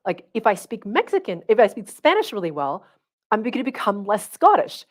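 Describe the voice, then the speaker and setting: A middle-aged woman, a spiritual coach, hosts a livestream and teaches in a casual, conversational style. Speaking at medium pitch and normal speed, she's animated and keeps checking in with her listeners.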